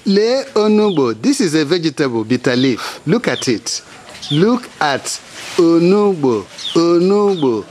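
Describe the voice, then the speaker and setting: Slow, high-voiced man teaching, spelling words. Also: very animated, a little mellow, slight background noise. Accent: Igbo. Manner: repeats and spells words letter by letter. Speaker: language teacher. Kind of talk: slow spelled-out language lesson.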